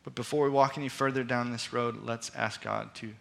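A man preaching a sermon as pastor, telling a story earnestly and reflectively and slowing down for emphasis. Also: mid-range voice, fairly even intonation, creaky.

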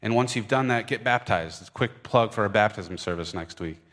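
A man's voice: fairly low pitch, brisk, fairly bright tone. A man with a Michigan accent preaching a sermon at a church service into a microphone, earnest and conversational, with fillers and restarts. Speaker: pastor.

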